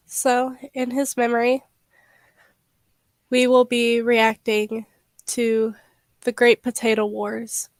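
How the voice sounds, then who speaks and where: Soft, slow-talking young woman streamer. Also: on the high side, completely flat delivery, no room sound. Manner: halting, soft-spoken, many fillers. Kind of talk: casual livestream chat.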